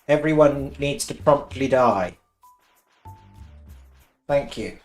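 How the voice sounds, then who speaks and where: Man, game streamer, excitable, laughs a lot, faint game music behind. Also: medium pitch, slow, long pauses. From West Country, England. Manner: excitable, laughs often, swears. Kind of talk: casual live-stream chat while gaming. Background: faint cheerful game music.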